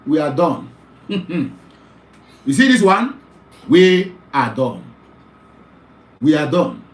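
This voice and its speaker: A man's voice: on the high side, big pitch swings, slow, reverberant. A middle-aged man with a Nigerian accent, delivering an impassioned, pleading commentary monologue as an online talk show host. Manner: pleading, urgent, repetitive.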